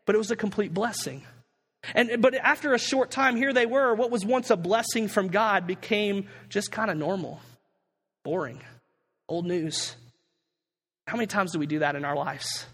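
A man preaching with a high speaking voice, relaxed and conversational, dropping jokes between scripture readings. His voice carries a long reverb, as in a large church. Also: a little fast. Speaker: pastor. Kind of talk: sermon.

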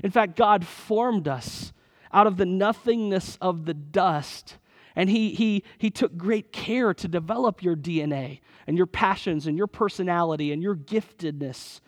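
A man's voice: high voice, unhurried, in a large hall. A man in his thirties preaching a sermon in an earnest, conversational way, often repeating his phrases. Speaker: pastor.

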